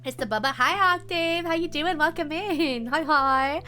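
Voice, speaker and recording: A woman's voice: sits high, moderate pace, pushed and bright, faint music behind. A young woman chatting casually on a live stream, giggling often and answering her viewers' messages. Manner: reads and answers chat messages.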